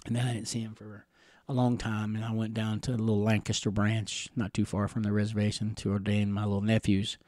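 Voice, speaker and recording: A middle-aged man from the Catawba Nation telling personal stories in an interview, rambling gently with chuckles and fillers. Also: lowish voice, monotone, fairly quick, hardly any pauses, no echo, clean studio sound. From Catawba Nation, Carolinas, USA.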